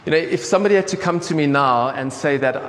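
In an echoey church hall with faint background noise, a South African pastor preaches quickly in a voice on the high side. He keeps things casual and chatty, peppering his sermon with ums and restarts.

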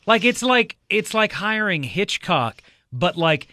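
Wry skeptical man with a bright voice. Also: high voice, very animated, slow, no room sound, clean studio sound. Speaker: podcast co-host. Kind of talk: casual chat.

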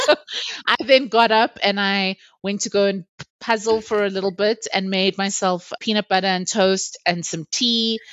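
A woman tells a personal story as a podcast guest. She is candid and lively, and she laughs often. The recording is dry and a little dull. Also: mid-range voice, dry recording. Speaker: interview guest.

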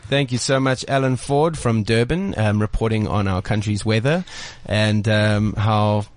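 A man's voice: fairly low pitch, fairly even intonation, measured pace. A young man co-hosting a radio show, joking and teasing in dry asides. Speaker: co-host. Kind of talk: casual radio chat. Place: radio studio.

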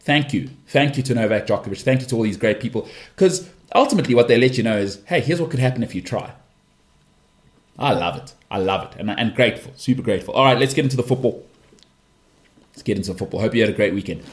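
A man's voice: mid-range voice, expressive, quick pace. A man hosting a casual solo podcast, talking in a chatty, rambling way and acting out imagined people. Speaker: podcast host.

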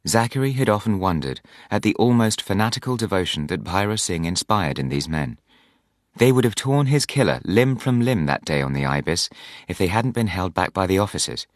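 A man reading a novel aloud as audiobook narrator, in a measured storytelling manner. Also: sits low, very animated, no echo, studio quality. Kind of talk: scripted narration.

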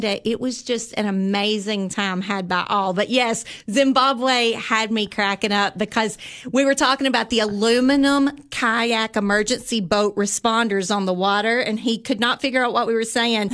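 A woman's voice: fairly high pitch, moderate pace. A woman with a Southern US accent, a visitors' bureau guest telling upbeat stories in a casual interview. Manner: animated storyteller, upbeat and chatty.

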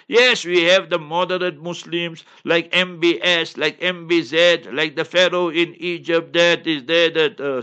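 A man, an Islamic scholar answering listener questions on a call-in show in an impassioned, forceful way. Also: on the high side. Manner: impassioned, forceful, repeats "you must remember".

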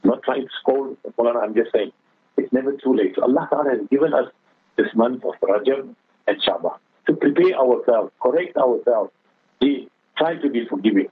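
Man, husky voice, earnest religious exhortation, heard through a tinny phone line. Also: medium pitch, a little fast, no echo. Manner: earnest, exhorting, addresses the other speaker as Maulana; tells a moral story with quoted dialogue. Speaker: Islamic speaker on a radio talk show. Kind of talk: religious radio talk.

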